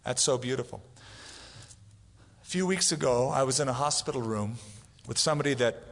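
This man preaches a sermon as pastor, telling stories and acting out the voices of the people he quotes. His mid-range voice is animated, quick, and fairly bright, with a long hall reverb around it.

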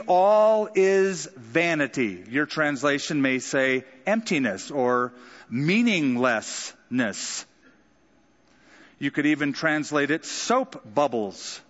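A man's voice: mid-range voice, fairly bright tone, in a large hall, highs cut off. A man preaching a sermon in a conversational way, acting out quoted lines with dramatic flair. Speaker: pastor.

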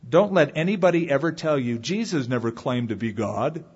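Male pastor, husky and fairly high, animated sermon delivery, dull lo-fi sound. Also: moderate pace. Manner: dramatic, animated preaching that swings from loud calls to quiet asides.

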